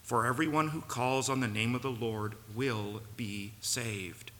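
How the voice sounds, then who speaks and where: A man's voice: mid-range voice, fairly even intonation, a little slow, fairly bright tone. A man preaching a sermon in a church, earnest and building to emphatic peaks. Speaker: pastor. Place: church sanctuary. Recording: long reverb, faint room noise.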